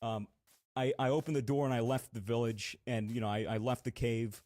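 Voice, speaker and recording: Young man, podcast co-host, rambling casual storytelling, loose swearing, dry close sound, mid pitch. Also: fairly even intonation, a little fast, a little mellow, no room sound.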